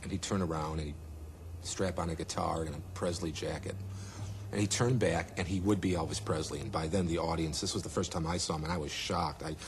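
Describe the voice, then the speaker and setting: A man telling an animated story in an interview, acting out what people said. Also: low voice, fairly quick.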